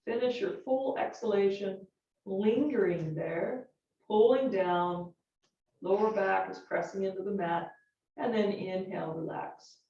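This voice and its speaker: A woman teaching a yoga class, calmly cueing each movement and breath while counting repetitions. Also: mid-range voice, measured pace. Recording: roomy, distant, dull-sounding studio recording.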